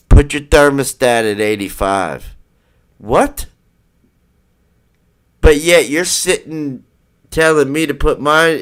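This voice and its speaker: Slow, heated man ranting profanely. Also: mid-range voice, fairly bright tone, smooth. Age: adult parent. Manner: rambling with restarts. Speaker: livestream host. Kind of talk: ranting live stream chat.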